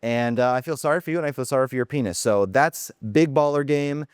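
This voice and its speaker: A man's voice: mid-range voice, fast, smooth, no echo, clean studio sound. A man vlogging from his home office as a dating coach, talking in a brash, blunt way with lots of "like" and "you know". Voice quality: brash, blunt, heavy filler words. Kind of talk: casual monologue.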